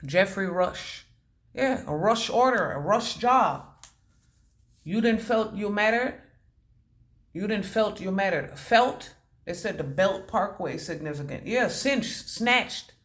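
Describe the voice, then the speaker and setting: A woman's voice: mid-range voice, expressive, slow pace, reverberant. A woman giving a channeled intuitive reading who free-associates from word to word, makes puns and swears casually. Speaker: intuitive reader.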